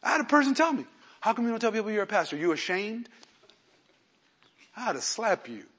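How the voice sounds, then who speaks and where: High, bright-voiced preaching pastor. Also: male voice, brisk, husky. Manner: animated preaching, swings between loud emphasis and quiet asides, acts out quotes. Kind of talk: sermon.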